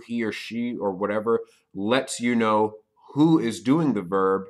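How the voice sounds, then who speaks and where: Patient male teacher, frequent "okay?". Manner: stresses key words with sudden loud, high emphasis. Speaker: Spanish teacher. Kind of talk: recorded language lesson.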